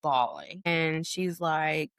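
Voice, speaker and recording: This woman co-hosts a podcast and tells an animated story, acting out the people in it with a high voice while saying "like" and "or whatever" heavily. Her speech is smooth and slow, captured in clean studio sound without any room sound.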